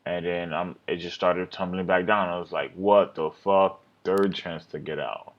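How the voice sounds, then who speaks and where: A man's voice: low voice, steady tone, moderate pace, dull audio. A man recapping his day trades over a screen recording, rambling, self-critical and swearing often.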